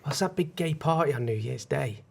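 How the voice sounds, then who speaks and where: Podcast co-host: man, 30s, gravelly, rambling chatty delivery. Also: fairly high pitch, expressive, brisk. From North West England. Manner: chatty and rambling, restarts often. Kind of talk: casual chat.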